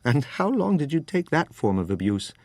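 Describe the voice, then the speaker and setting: A man's voice: on the high side, very animated, normal speed, no room sound, pitched above the performer's own voice. A man putting on a genial English-accented art dealer. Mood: curious. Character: smooth mid-forties British-born art dealer.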